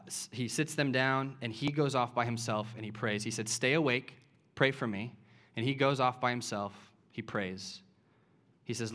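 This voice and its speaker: Male preacher, mid-pitched, storytelling sermon that swells into fervent emphasis. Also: fairly bright tone. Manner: storytelling, builds to impassioned emphasis.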